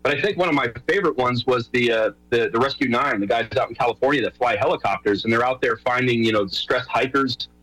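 A middle-aged man from New York chats as a guest over a radio line. His pitch sits mid-range. He talks loosely and rambles, with plenty of fillers and restarts. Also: fast, few pauses, a bit bright, husky, rough recording. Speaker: guest, show host and rowing coach. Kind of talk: casual radio interview.

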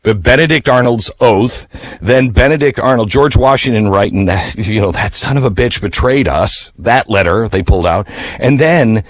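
A man hosting a radio talk show who tells a story casually, animated and emphatic, his voice jumping up in pitch. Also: normal speed, dry recording.

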